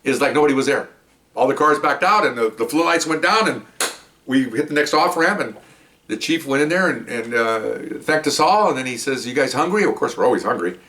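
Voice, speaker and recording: Forceful and bright in tone, this male police officer's medium-pitched voice is animated and a little fast. He tells a long, rambling, chatty story about his work, often checking in with "okay?" His voice comes across as slightly distant from the microphone.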